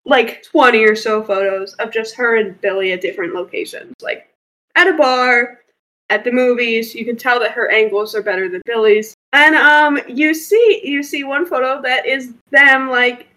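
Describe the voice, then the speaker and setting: A woman narrating a tabletop game as game master, in a lively, giggly way. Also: fairly high pitch, moderate pace, poor audio.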